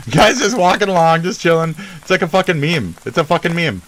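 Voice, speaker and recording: A man's voice: fairly high pitch, sing-song, fairly quick, few pauses, a bit bright. A man delivering an angry, swearing rant as a vlogger, sneering and scornful, outdoors near traffic. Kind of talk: profane ranting monologue.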